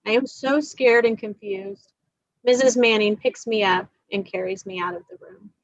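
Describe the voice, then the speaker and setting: A woman reading aloud in the voice of a frightened nine-year-old girl, quietly and plainly. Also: medium pitch, moderate pace, dry recording, natural voice. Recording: dull dry recording.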